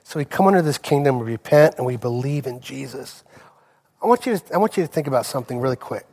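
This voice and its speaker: A man's voice: medium pitch, expressive, fast talker, creaky, a little mellow. A man in his forties, a pastor preaching a sermon, telling personal stories and building to impassioned preaching.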